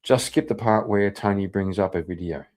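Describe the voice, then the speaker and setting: A man with a lowish, darkish voice streams live at a moderate pace, bantering casually with his viewers. His talk rambles, is laced with swearing and breaks often into laughter.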